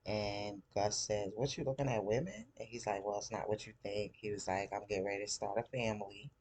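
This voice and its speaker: Husky male recap host, animated, jumps up to play characters. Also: brisk. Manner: animated, acts out characters' lines in raised pitch. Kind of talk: casual TV episode recap.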